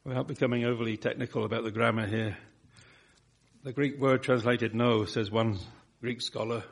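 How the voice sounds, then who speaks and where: A man preaching from the pulpit, his voice slightly husky. He swells into emphatic lines and then drops low and soft on single words. The delivery is rhythmic and earnest. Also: steady tone, normal speed. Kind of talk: sermon.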